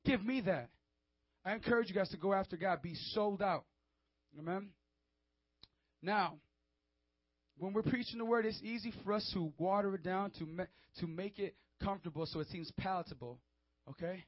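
A man with a high voice preaches a fervent sermon, pressing his points and calling out to the young crowd. The sound is dry and a little dull, with no room echo and muted highs. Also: moderate pace, long pauses. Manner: fervent, emphatic, calls out to listeners.

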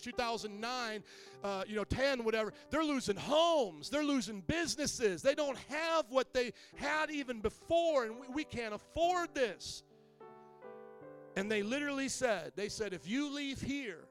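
A man preaching as a pastor, telling a personal story and acting out what others said in changing voices. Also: very high voice. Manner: animated, acts out quotes with shifting voice. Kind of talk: sermon storytelling.

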